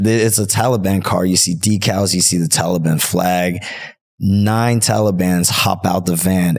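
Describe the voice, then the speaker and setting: A man telling his hosts a story in a loose, rambling podcast chat, stringing thoughts together with "like" and "you know". His voice sits very low and has a gravelly, creaky edge. He swears casually as he goes. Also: a little mellow. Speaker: podcast guest.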